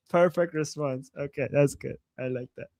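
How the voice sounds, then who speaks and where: High-voiced man mocking, laughing a lot. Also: vocal fry, dry recording, studio quality. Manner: mocking, theatrical, laughs often. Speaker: co-host of a live political stream. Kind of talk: sarcastic live-stream commentary.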